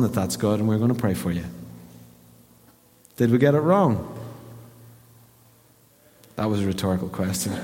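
A Northern Irish pastor with a mid-range male voice preaches a sermon in a church hall, telling a story and animatedly quoting the voices of its characters. The hall gives the recording a reverberant sound.

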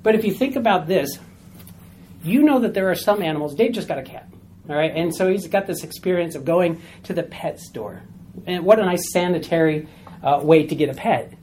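Teaching a small Bible study group, the speaker explains a passage in stages, going back over key points and often asking "all right?" to make sure everyone follows. The voice is medium-pitched, expressive and darkish, moving at a moderate pace over slight background noise.

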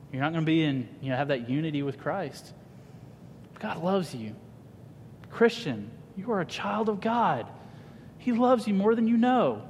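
A pastor in his thirties preaches a sermon to his congregation, livening it up with funny family stories and an animated, humorous storytelling style. His voice is a little high, and the reverberant church hall recording carries a faint hiss or hum.

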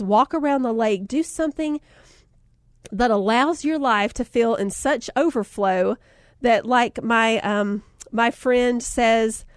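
A woman giving a faith-based motivational talk, telling a family story in a lively, conversational way and calling her listeners guys. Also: a little high, dry recording, studio quality. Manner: animated storyteller, acts out voices in anecdotes. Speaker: motivational speaker.

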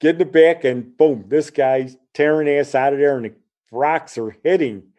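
Man with a mellow voice telling a story. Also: a little high, moderate pace. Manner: animated, acts out the voices in his story. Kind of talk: casual personal storytelling.

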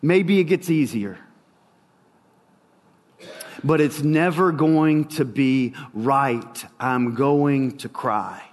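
Slow, dramatic male preacher in a reverberant hall. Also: mid-range voice. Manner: slow, dramatic delivery with long pauses. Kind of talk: sermon.

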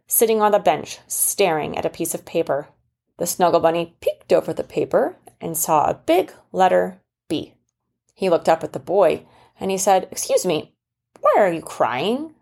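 A mother narrating a children's story, explaining things gently and patiently. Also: on the low side, creaky.

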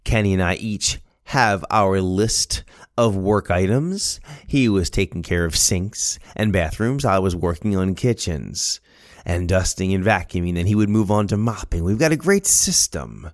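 A middle-aged man hosting a podcast, telling a story in a casual, animated, self-amused way. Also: deep voice, measured pace, no room sound, clean studio sound. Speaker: podcast host.

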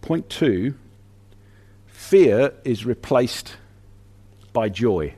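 A man preaching a sermon in an animated, conversational way, often restarting his sentences. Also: medium pitch, very slow, husky.

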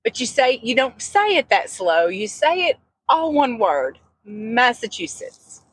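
A woman's voice: high-pitched, very animated, a little slow, husky, no echo, low-quality recording. A woman co-hosting a podcast, chatting casually and teasing her friend. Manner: teasing, giggly. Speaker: podcast co-host. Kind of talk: casual chat.

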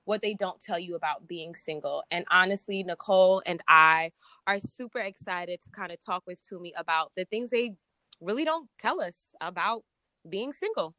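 A woman's voice: on the low side, normal speed, bright, forceful tone, no echo. A woman co-hosting a podcast, introducing a guest eagerly, with frequent "um". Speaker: podcast co-host.

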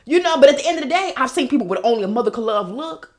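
Fired-up woman podcast host, higher voice. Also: very fast. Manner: animated, profane, repetitive pep talk. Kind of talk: motivational talk.

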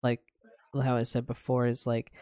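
A man from the United States co-hosts a podcast in casual chat, his voice smooth and clear at a middle pitch. He talks in a loose, hesitant way with lots of fillers, and the sound is close and dry. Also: moderate pace, dry recording. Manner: relaxed, hesitant, many fillers, laughs easily. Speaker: podcast co-host. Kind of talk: casual discussion.

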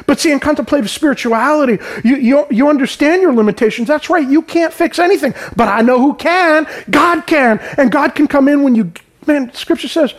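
A man with a high-pitched voice gives an informal sermon. He retells scripture in plain, everyday terms. He keeps checking in with his listeners. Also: fairly quick. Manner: informal, peppered with "right?" and "man". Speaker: preacher. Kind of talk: conversational sermon.

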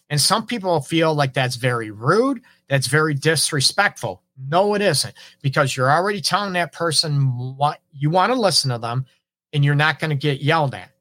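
A man's voice: a little high, bright, forceful tone. A middle-aged man, a relationship counselor hosting an advice talk, speaking conversationally and often checking in with "right?" while acting out example phrases. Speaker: relationship counselor and show host. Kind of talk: casual advice monologue.

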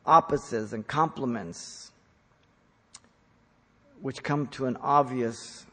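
A man's voice: mid-range voice, slow, slightly rough. Emphatic male preacher in a reverberant hall. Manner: emphatic, swings from loud stresses to quiet asides. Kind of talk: sermon teaching on scripture. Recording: long reverb of a large hall.

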